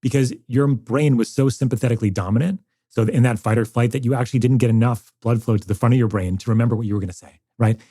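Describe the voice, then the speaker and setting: A man's voice: mid-range voice, steady tone, quick pace, few pauses, dark tone. A man, a doctor, explaining energetically as a podcast guest and acting out his patients. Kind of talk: explanatory interview talk.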